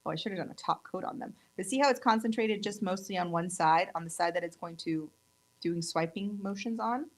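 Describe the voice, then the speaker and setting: A woman's voice: on the low side, a little fast, low-quality recording. A woman in her thirties from California, chatting upbeat through a casual nail tutorial demo. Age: 30s. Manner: chatty and upbeat, gushes over colors. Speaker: nail tech instructor.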